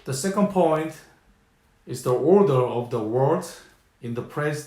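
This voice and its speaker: Korean-accented guy teaching bible stuff real slow, mid-pitched voice, roomy echo. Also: animated, darkish tone. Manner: slow, deliberate explanation, repeating key phrases. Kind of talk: scripture teaching talk.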